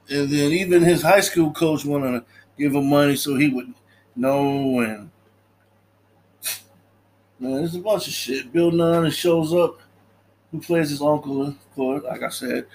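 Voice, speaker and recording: A man's voice: a little high, slow, long pauses, darkish tone, slight background noise, rough recording. Man casually retelling a film plot. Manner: loose storytelling, acts out characters' lines, laughs often. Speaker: podcast host recapping a film. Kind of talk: casual film recap chat.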